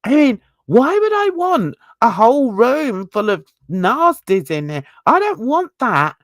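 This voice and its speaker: A woman's voice: a little high, sing-song, unhurried, no echo, clean studio sound. A woman with a North London accent mixed with rural Essex, hosting a casual livestream chat and talking easily with viewers, fond of British slang and endearments. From England. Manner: chatty, warm-hearted, uses British slang and endearments. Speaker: livestream host.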